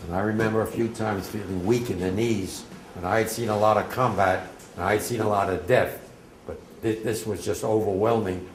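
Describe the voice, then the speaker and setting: A man's voice: fairly low pitch, fairly even intonation, fairly quick, a little hiss or hum. A man, a war veteran giving emotional, vivid personal testimony to a class. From New Jersey, USA. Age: 80s. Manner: vivid, emotional storytelling with emphatic outbursts. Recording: echoey room.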